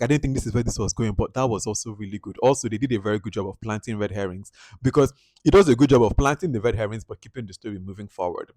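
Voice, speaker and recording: A man's voice: fairly low pitch, dry recording, studio quality. A man giving a casual, chatty movie review, talking animatedly and filling his sentences with "like". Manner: chatty, animated, heavy use of "like". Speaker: film reviewer.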